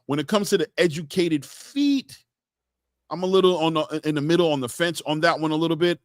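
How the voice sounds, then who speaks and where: A man hosting a casual boxing live stream, reading out viewer comments and giving shout-outs in a loose, chatty way. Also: fairly high pitch, fairly quick, no echo, clean studio sound. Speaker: boxing show host.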